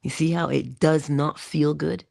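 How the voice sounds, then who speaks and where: A woman giving an inspirational monologue to her listeners. She speaks deliberately, addresses them directly and drops into whispers for emphasis. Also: low-pitched, steady tone, vocal fry, a little mellow, dry recording, clean studio sound. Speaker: motivational speaker.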